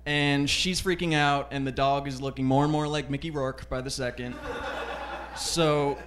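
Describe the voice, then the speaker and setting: A man doing a stand-up routine on a comedy club stage into a handheld mic, telling stories in a deadpan, self-deprecating way. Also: medium pitch, moderate pace, a crowd in the background.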